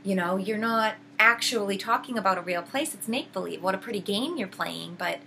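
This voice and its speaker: A woman voicing a sly female witch who stays nice, calm and coaxing as she questions. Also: mid-range voice, brisk, gravelly, a little hiss or hum.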